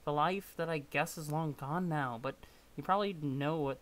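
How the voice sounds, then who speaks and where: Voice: mid-range voice, normal speed, natural voice. A streamer voicing an easygoing, mildly sarcastic teenage boy while reading a webcomic aloud on stream. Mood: wry.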